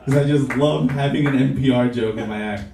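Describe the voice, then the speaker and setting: A man's voice: medium pitch, a little fast, vocal fry, dark tone, slight background noise. A young man doing a rambling, profane, self-mocking stand-up comedy set on a club stage. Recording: roomy club sound from a distance.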